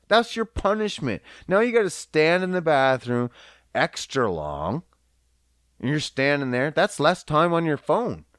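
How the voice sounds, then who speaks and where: A man hosting a podcast, delivering a casual comedic rant full of profanity in an animated, mocking way. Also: on the high side, dry recording, studio quality. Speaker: podcast host.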